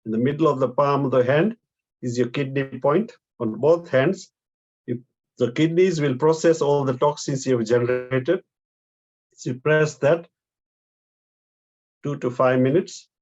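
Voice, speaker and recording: Man calmly guiding a breathing class. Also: mid-range voice, measured pace, pauses often, muffled recording. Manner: calm step-by-step instructions with counted breaths. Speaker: therapy instructor. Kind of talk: guided breathing and acupressure class.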